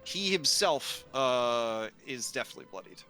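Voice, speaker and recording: A man narrating a tabletop game as game master, slow and rambling with many fillers. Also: medium pitch, expressive, pushed and bright, soft background music.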